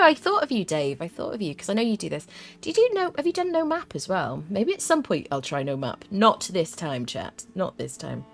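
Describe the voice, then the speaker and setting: Female streamer in her twenties, talkative and hummy, lively delivery, faint music underneath. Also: deep voice. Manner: chatty, reads chat aloud, hums little tunes. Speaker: game streamer. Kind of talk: live-stream gameplay commentary.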